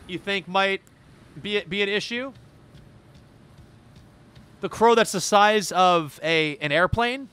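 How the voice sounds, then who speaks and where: A man streaming a game live, reacting loudly, yelling and swearing at surprises, then muttering quiet asides. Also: sits high, takes it slowly, long pauses, clear, resonant tone. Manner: excitable, yells and swears at surprises; drops to muttered asides between outbursts. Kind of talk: live gameplay commentary.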